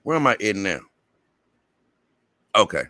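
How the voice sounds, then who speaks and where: A man with a Southern drawl hosts a casual livestream and answers his viewers' comments. His voice sits low but sounds bright and forward, recorded close and dry. He rambles and repeats himself in an easygoing way. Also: sing-song, a little slow, dry recording. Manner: rambling, repeats words, laughs often. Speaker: livestream host.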